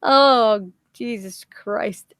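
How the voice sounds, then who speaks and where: Boston lady rambling on a livestream, swears a ton, gravelly voice, dry sound. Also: fairly high pitch, drawn-out words, fairly bright tone, no room sound. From Massachusetts. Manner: profane, rambling, self-deprecating. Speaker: livestream host. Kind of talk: casual livestream chat.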